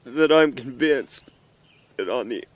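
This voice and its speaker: A middle-aged father, emotional and earnest, speaking haltingly outdoors in the mountains in a heartfelt message to his children. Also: mid-range voice, animated. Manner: earnest, halting, with pauses and restarts.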